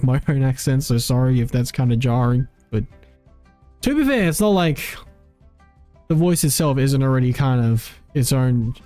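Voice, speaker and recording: A man's voice: medium pitch, dark tone. A man streaming a video game, rambling in casual commentary, often cutting himself off and laughing at himself.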